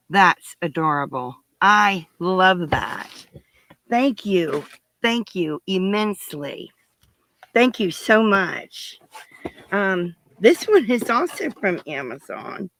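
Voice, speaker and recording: A woman chats casually to viewers of her crafting channel as she opens their parcels, thinking aloud and gushing and giggling often. Her lowish, a bit bright voice is slow, with big pitch swings and vocal fry. The low-quality recording has no echo.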